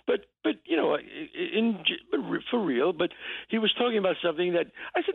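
A man, an actor guest, telling a story in a radio interview over the phone, halting and restarting as he acts out the quotes. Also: on the high side, sing-song, creaky, husky, no echo. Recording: tinny phone line.

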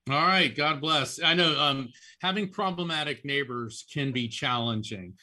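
A man who is a psychic medium, giving animated, chatty readings on a call-in show and often repeating names as he goes. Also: on the high side, unhurried.

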